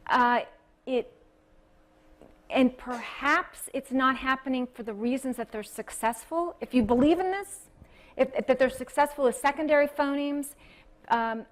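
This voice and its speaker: Woman lecturer, slightly high voice. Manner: thoughtful academic, self-correcting. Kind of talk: public lecture and Q&A.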